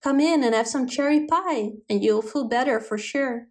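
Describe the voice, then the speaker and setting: A woman doing a kindly old rabbit gentleman. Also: sits high, moderate pace, natural voice.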